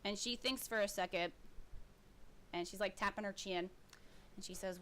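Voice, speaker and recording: A woman's voice: medium pitch, normal speed, long pauses, fairly bright tone. A woman narrating as game master of a tabletop game in a rambling, giggly way, full of fillers.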